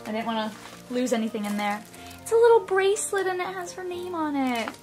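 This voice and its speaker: A young woman chatting casually through an unboxing, gushing and gasping with excitement. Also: sits high, fairly quick. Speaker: vlogger unboxing a reborn doll. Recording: music playing underneath.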